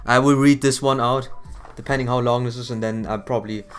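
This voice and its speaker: A man's voice: mid-range voice, fairly even intonation, a little fast, faint music behind. A man streaming and chatting, his voice worn and tired after hours of talking, laughing often and stumbling over restarts. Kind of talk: casual live-stream chat between game lines.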